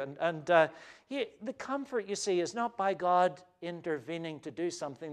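A man preaching an evening sermon as pastor, measured and pausing often with "uh" fillers. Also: a little high. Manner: measured delivery with frequent "uh" fillers.

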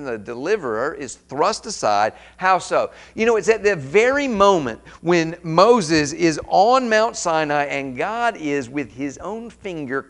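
A man's voice: on the high side, gravelly. A man preaching an expository sermon, reading scripture aloud and then commenting with rising emphasis.

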